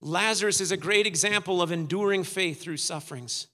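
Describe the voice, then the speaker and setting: A man's voice: high voice, a little fast, pushed and bright, in a large hall. A man preaching a sermon, dramatic, acting out the voices of the story's figures. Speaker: pastor.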